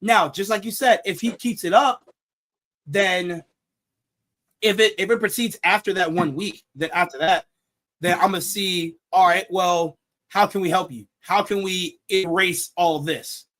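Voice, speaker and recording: A young man with a high voice hosts a casual sports talk show. He jokes, laughs at his own jokes and repeats his words as he goes. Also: unhurried, a bit bright. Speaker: show host.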